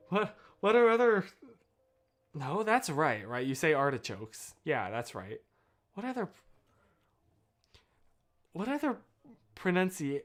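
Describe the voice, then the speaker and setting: A male streamer talks loosely into a boom mic. His pitch swings a lot as he wanders from thought to thought and keeps breaking off mid-sentence. Soft music plays low behind him. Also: measured pace, pauses often. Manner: rambling, animated, self-interrupting. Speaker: livestreamer. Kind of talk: casual livestream chat. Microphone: boom mic out of shot.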